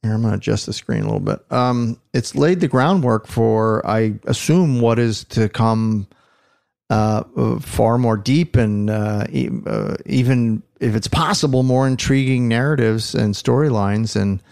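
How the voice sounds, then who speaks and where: Middle-aged male podcast host, gravelly, rambling, playful, lots of restarts. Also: medium pitch, measured pace, darkish tone. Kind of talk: casual chat.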